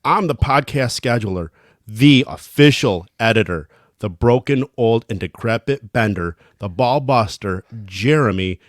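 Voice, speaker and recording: A man's voice: mid-range voice, animated, measured pace, dry recording. Joking podcast host man, dry mic. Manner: joking, teasing, ribbing his co-host. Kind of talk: casual podcast banter.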